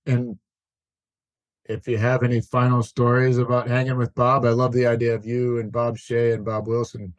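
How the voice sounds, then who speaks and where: A man hosting a podcast interview keeps his questions casual and adds short, friendly affirmations. His voice sits at a mid pitch. The sound is dry, and he seems a little further from the mic. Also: level tone, normal speed, no room sound, dull audio. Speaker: podcast host.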